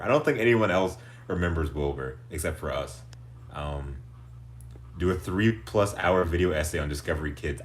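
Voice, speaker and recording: A man hosting a livestream in casual chat, goofy and animated, laughing often. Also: sits low, echoey room, a little hiss or hum. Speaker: livestream host.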